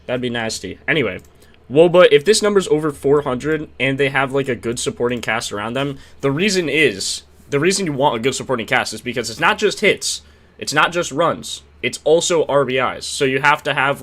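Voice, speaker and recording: Excitable young man live-streaming. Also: medium pitch. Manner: excitable, slangy, reads chat and shouts out subscribers; frequent fillers, trails off into mumbles. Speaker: sports betting streamer. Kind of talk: casual live-stream chat.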